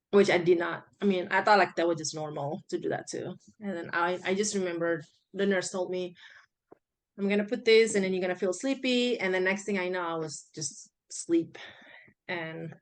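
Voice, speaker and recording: A woman, recounting her own story as a guest in a casual, rambling way with many fillers and restarts. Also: lowish voice. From Indonesia.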